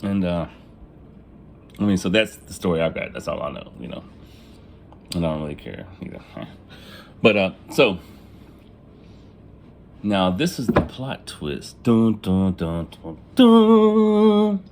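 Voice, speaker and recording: Low-voiced man telling his life story. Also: animated, measured pace, vocal fry, long pauses, slight background noise. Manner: casual, profane, laughs at his own jokes; acts out family members in quoted lines. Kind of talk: casual storytelling.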